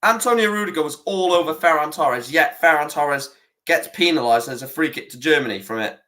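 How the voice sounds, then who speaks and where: A man's voice: on the high side, a little fast, bright, forceful tone. A young man running a football watch-along, ranting and swearing at the referee and his stream. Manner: frustrated, swears a lot, rants at the referee.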